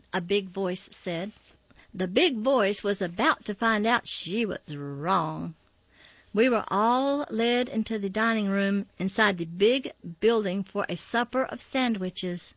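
A woman narrating a memoir in a calm, measured reading. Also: medium pitch, no echo. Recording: slightly dull, dry recording.

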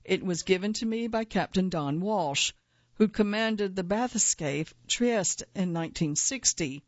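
A woman reading her own first-person nonfiction essay aloud in a measured, earnest way, at times quietly angry. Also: mid-range voice, animated, dry recording, dull audio.

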